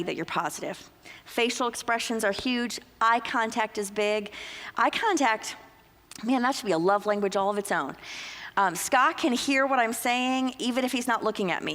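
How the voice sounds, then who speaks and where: A woman speaking at a couples conference in a church hall, lively and acting out little quoted exchanges as she teaches. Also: medium pitch. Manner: lively, uses acted-out quotes. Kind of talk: conference talk. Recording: long reverb of a large hall.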